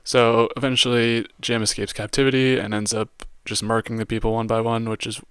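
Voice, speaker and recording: A man's voice: mid-range voice, little pitch movement, brisk, a bit bright, smooth, no echo, studio quality. A man hosting a podcast, giving a casual, slangy movie review monologue full of "like". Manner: casual, heavy use of "like" and slang. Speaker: podcast host reviewing a film.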